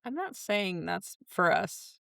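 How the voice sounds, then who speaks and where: Giggly woman co-host, animated and bright-pitched, playful banter, dry sound. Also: gravelly, no echo. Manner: giggly, joking, quick to laugh. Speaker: podcast co-host. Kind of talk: casual chat.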